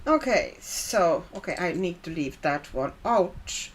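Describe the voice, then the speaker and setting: A woman's voice: fairly low pitch, sing-song, slow pace, slight background noise. A woman, not a native English speaker, hosting a casual coloring livestream, chatting and laughing as she reads viewer comments aloud.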